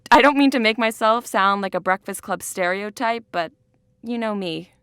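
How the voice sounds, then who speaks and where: A young woman playing a sarcastic, angry high school girl, narrating and acting in a student film. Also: moderate pace, a bit bright, natural voice. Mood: reflective. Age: young adult. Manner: sardonic, bitter.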